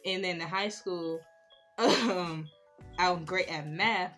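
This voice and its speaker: A young woman talks casually while doing her makeup, her voice on the lower side. She chats and gets animated when she retells her stories, and soft music plays faintly behind her. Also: slow pace. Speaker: beauty vlogger.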